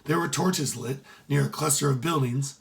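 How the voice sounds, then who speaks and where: Reading a children's adventure story aloud, a man narrates steadily and expressively. His pitch is average, his pace moderate, and there's vocal fry in his voice.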